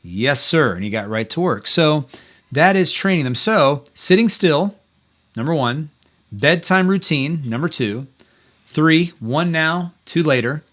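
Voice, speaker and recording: A man's voice: on the high side, fairly bright tone. Earnest, encouraging middle-aged man. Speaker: podcast host. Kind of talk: faith-based parenting talk.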